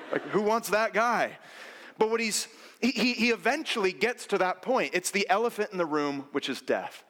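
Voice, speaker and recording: A man's voice: high-pitched, normal speed, big-room sound. A man preaching a sermon, telling personal stories and acting out the voices of people he quotes. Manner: animated, acts out quoted voices. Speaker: pastor.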